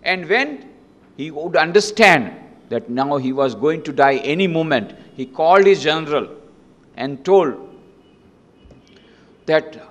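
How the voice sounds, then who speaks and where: A man, a monk lecturing in a hall, tells a story with dramatic emphasis in a fairly high voice. A long reverb hangs on every phrase. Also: expressive, a little slow.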